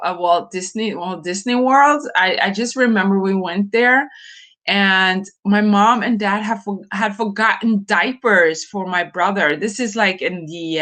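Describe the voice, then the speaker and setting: A Norwegian woman in her forties hosts a livestream, chatting casually and a little hesitantly with viewers and laughing often. Her voice is medium-pitched and slightly bright.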